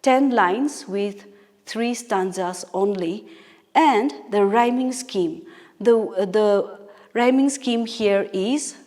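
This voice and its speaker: A woman gives a recorded classroom lesson on English poetry, explaining patiently step by step with fillers and small self-corrections. Her mid-range voice is a little mellow and slow, with long hall reverb.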